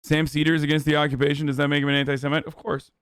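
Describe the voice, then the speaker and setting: A man's voice: on the high side, flat delivery, rapid-fire, a bit bright, clear, resonant tone, dry recording, studio quality. Heated, sarcastic male streamer. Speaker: livestream host. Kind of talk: ranting political commentary stream.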